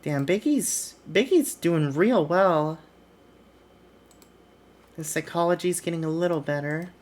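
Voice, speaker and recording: A woman streamer chats casually as she plays a wrestling booking game. Her voice sits low, and she swears offhandedly. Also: measured pace, a little mellow, slight background noise.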